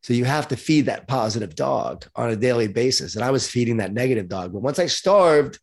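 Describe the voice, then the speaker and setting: A middle-aged man from Long Island, New York, a guest author telling his life story in an interview with lively, self-deprecating humor. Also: medium pitch, brisk.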